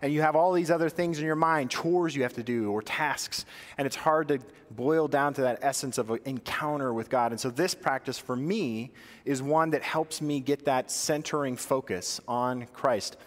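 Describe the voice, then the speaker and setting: A man teaching a sermon on prayer practices, asking the congregation questions and answering them himself. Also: long reverb tail. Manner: guides slow breathing prayer, drops soft and low on the repeated phrase. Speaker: pastor.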